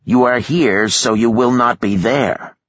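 A man voicing a calm, commanding male kidnapper who speaks formally without contractions. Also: medium pitch, measured pace, no echo, dull audio, voice pushed up, natural voice. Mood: cold, commanding.

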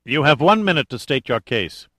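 A man's voice: mid-range voice, sing-song, moderate pace, fairly bright tone, dry recording, pitched above the performer's own voice. A male narrator voicing an arrogant, menacing male cult leader who talks in a cold, commanding tone. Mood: haughty.

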